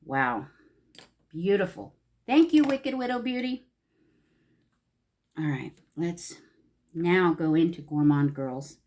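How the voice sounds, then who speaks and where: Gushing as she works through a makeup tutorial, this Los Angeles, California beauty vlogger chats casually and talks to herself while applying makeup. Her voice is on the low side and a little mellow; she's animated but slow, pausing often.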